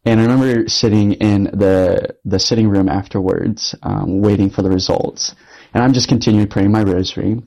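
A man's voice: on the low side, fairly even intonation, normal speed, vocal fry, warm tone, rough recording. A young adult man, a Catholic priest, telling a personal story in an interview, earnest and reflective, with loose filler words.

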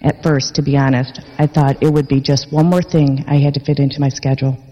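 A woman parishioner reading her personal faith testimony in an earnest, measured way in a church. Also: a bass voice, level tone, dark tone, muffled recording. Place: large church worship space. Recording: long church reverb.

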